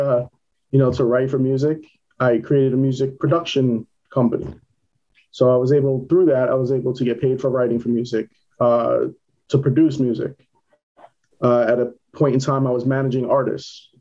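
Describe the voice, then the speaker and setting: A man with a clear New York accent speaks in a plain, matter-of-fact way, answering questions in a casual interview. His voice is mellow and warm. The recording sounds dull and lo-fi. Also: medium pitch, steady tone, moderate pace. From Queens, New York. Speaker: filmmaker guest.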